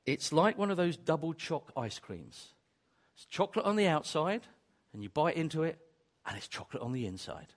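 Male preacher, higher-pitched, very animated delivery, emphatic with jokey asides. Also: normal speed. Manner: emphatic, repetitive, builds to exclamations; joking asides. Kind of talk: sermon.

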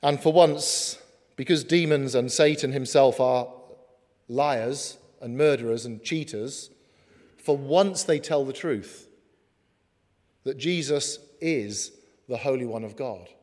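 A man preaching a sermon in an earnest way, slowing down for emphatic lines. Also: mid-range voice, darkish tone. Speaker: pastor. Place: church hall. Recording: long hall reverb.

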